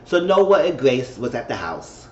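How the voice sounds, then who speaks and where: A man talks through a TV episode in a loose, chatty way, repeating points as he goes and now and then slipping into a high falsetto to act out the characters. The recording is somewhat muffled and roomy, with faint hiss underneath. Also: sing-song, a little slow. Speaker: TV episode reviewer. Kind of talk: casual episode recap.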